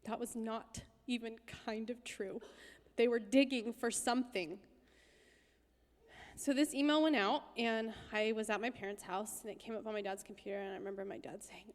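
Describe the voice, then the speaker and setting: A woman preaching in a high voice. She tells a personal story with intense emphasis and sometimes drops to a hushed whisper. Her voice rings with the long reverb of a church hall. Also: fairly even intonation, moderate pace. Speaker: guest speaker. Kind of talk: sermon storytelling.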